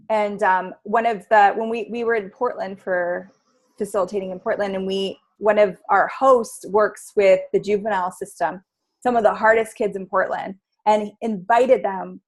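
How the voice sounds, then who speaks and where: A woman interview guest speaks about her workshops with heartfelt enthusiasm, in an ordinary middle pitch. She talks in a loose, casual way and often drops "like" into her sentences. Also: fairly even intonation, moderate pace. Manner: enthusiastic, heartfelt, with frequent "like" fillers.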